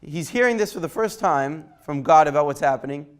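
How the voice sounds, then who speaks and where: Guy teaching a torah class, slightly high voice, chatty, keeps asking "right?". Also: animated, a little fast, smooth. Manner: conversational, takes questions by name, asks "right?". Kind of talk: informal Torah lesson.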